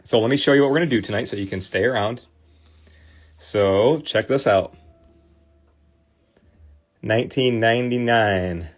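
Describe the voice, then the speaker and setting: A man's voice: lowish voice, moderate pace, pauses often. A man in his forties from Michigan with a Midwestern accent, chatting casually with viewers as a livestream host, full of fillers and restarts. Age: 40s. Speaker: livestream host restoring trading cards.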